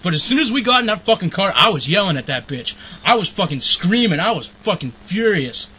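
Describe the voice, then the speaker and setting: A young man ranting profanely in a casual chat, rambling and breaking into angry shouting. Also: sits high, sing-song, brisk. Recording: muffled lo-fi recording with faint hiss.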